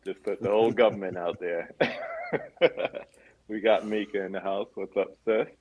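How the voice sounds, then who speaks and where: Husky low-voiced New man hosting. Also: unhurried, highs cut off. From New York. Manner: chatty, laughs often. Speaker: podcast host. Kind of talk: casual video-call interview.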